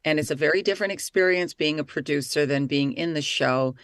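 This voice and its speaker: Lively, talkative woman with a dry sound. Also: deep voice, fairly quick, no room sound. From Italy. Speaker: actress, voice-over artist and playwright. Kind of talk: casual interview chat.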